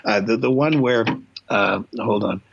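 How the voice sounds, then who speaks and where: An older comedian and voice actor from Indiana, in the United States, guests on a casual storytelling interview, rambling through anecdotes with many restarts and chuckles. His voice sits fairly low and sounds unhurried, creaky, slightly rough, and fairly bright in tone. The recording is lo-fi.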